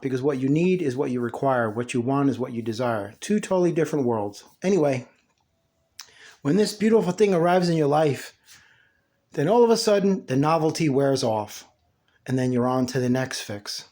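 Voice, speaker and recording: A man's voice: a little high, a little mellow. A man giving a blunt, scolding motivational monologue, talking down excuses and self-pity. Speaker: motivational speaker.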